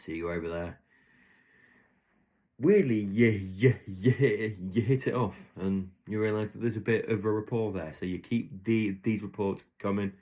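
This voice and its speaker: A somewhat mellow, lowish male voice at ordinary speed carries this casual solo podcast. The host rambles, spins imagined examples into little stories, and frequently backs up to rephrase himself.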